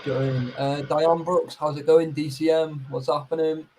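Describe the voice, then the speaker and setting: A man hosts a loose livestream chat, laughing and swearing, throwing "mate" at everyone. His voice sits a little high for a man. Clear noise runs under the recording. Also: level tone, brisk, darkish tone, low-quality recording. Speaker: livestream host reading chat.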